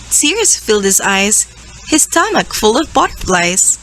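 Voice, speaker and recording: Filipino teacher lady reading a kids story, slow and bouncy, little hiss behind. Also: medium pitch, poor audio. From Philippines. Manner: expressive, animated voices for the animals. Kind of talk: read-aloud children's storytelling.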